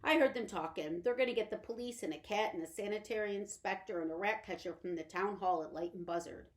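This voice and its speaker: A woman voicing a tiny, weary father who speaks flatly in rustic grammar. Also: medium pitch, quick pace, lightly acted. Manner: flat, tired, rustic grammar. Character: weary steady tiny father borrower man.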